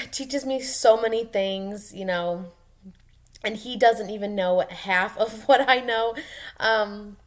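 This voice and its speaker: A young woman, a mom, talking casually and emotionally in a personal vlog, rambling with many ums and soft laughs. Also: mid-range voice. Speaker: mom vlogger.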